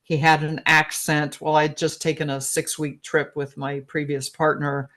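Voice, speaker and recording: A woman in her sixties, a guest relationship expert, telling a personal story in a chatty, animated way, laughing often. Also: low-pitched, moderate pace. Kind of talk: casual storytelling in an interview.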